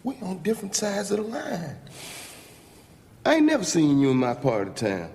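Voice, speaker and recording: An actor playing a defiant man on trial who confronts his own lawyer, speaking slowly and intensely in dramatic film dialogue. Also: high-pitched, wildly swooping pitch, gravelly, a little mellow, full character voice. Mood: bitter accusing. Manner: slow, intense, accusing. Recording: film audio with long reverb and faint ambience.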